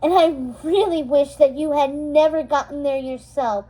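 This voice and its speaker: A woman's voice: high-pitched, normal speed, dark tone, close to an everyday voice. Mal, a woman voicing a defiant teen girl. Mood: pleading. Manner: earnest, pleading, rising to cries. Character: teenage girl, defiant daughter, tearful but brave. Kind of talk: storybook read-aloud.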